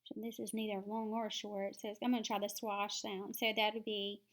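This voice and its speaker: A woman teaching phonics, explaining each step slowly and sounding words out syllable by syllable. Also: medium pitch, flat delivery. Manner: slow, deliberate, sounding words out.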